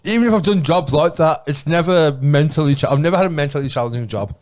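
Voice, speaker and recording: A man co-hosting a podcast in casual chat, with quick laughing interjections and a wry, offhand humour. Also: fairly high pitch, a little mellow. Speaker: podcast co-host.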